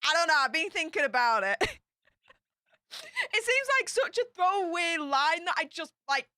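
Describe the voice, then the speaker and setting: A woman's voice: extremely high pitch, sing-song, moderate pace, sharp tone, no room sound, clean studio sound. A woman with a Yorkshire accent hosting a livestream, chatting casually and greeting viewers one by one in a bubbly, chatty way. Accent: Yorkshire English. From Yorkshire, England. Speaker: YouTube livestream host.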